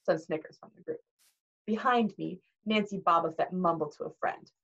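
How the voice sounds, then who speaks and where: A teacher reading a novel aloud to a class in an expressive, animated way. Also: female voice, fairly low pitch, normal speed, gravelly. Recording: dull lo-fi recording.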